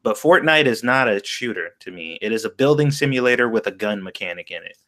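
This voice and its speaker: A man's voice: fairly low pitch, expressive, fast talker, a bit bright. A man co-hosting a casual livestream chat, speaking crudely and laughing along at his own jokes. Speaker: co-host streamer.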